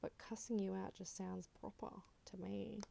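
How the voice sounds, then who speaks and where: An Australian woman chatting in a soft-spoken ASMR style, rambling and slipping in and out of a whisper. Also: medium pitch, little pitch movement, moderate pace, gravelly. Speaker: ASMR creator.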